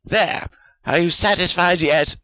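A man voicing a peevish, defensive old male wizard spirit who whines and protests in a high, sulky voice. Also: unhurried, pushed and bright, dry recording, poor audio. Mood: grudging. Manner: whiny and aggrieved, voice climbing high. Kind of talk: audiobook fan fiction reading.

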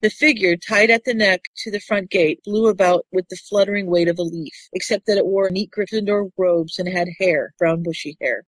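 A woman's voice: mid-range voice, normal speed, few pauses, no room sound, low-quality recording. A woman co-hosting a casual book discussion, retelling the story and reading passages aloud. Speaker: podcast co-host.

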